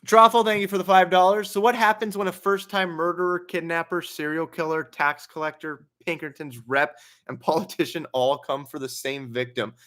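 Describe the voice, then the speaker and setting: Bright-voiced young man hosting a livestream. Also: fairly high pitch, fairly even intonation, normal speed. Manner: chatty, reads donations aloud, laughs while telling stories. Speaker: livestream host. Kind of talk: casual livestream Q&A.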